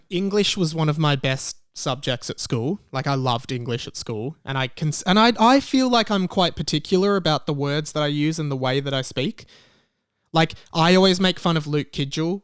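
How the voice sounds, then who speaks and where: A man's voice: fairly high pitch, clean tone, no room sound, studio quality. Chatty Australian man hosting a podcast. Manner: rambling, chatty, self-deprecating. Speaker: podcast host. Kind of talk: casual podcast monologue. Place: bedroom in a share house.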